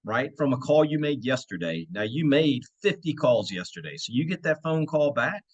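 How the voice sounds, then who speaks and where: A man's voice: medium pitch, sing-song, moderate pace, slightly rough, highs cut off. A man who works as a real estate agent, walking listeners through cold-calling habits in a coaching tone and checking in with frequent "right?" asides. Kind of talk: instructional walkthrough.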